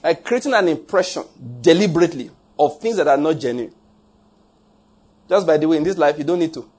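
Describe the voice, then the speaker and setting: A pastor delivers a sermon with a fairly high, husky voice. He is emphatic and jokey, chuckling at his own remarks and repeating key phrases. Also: brisk, darkish tone.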